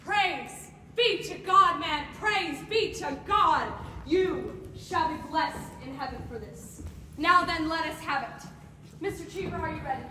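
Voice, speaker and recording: A teenage girl playing a stern Puritan magistrate pressing for a confession in a high school stage play. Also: bright, forceful tone, a little hiss or hum. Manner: insistent, drawn-out questioning. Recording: echoey hall from far off, phone.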